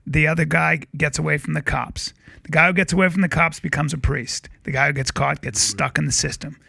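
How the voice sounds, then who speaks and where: A man talking as a podcast guest, telling a film story in an animated way and acting out the characters' lines. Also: on the high side, brisk, creaky, no echo. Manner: acts out film scenes with shouted voices.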